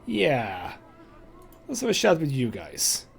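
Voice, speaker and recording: A man's voice: mid-range voice, wildly swooping pitch, slow, vocal fry, slight background noise. A young man hosting a let's play, giving casual, rambling gameplay commentary and thinking aloud with lots of fillers.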